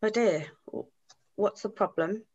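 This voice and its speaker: A patient, well-spoken funeral celebrant. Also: female voice, medium pitch, takes it slowly, darkish tone, husky, dull audio. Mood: patient, polite. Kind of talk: comedy series acting on a video call.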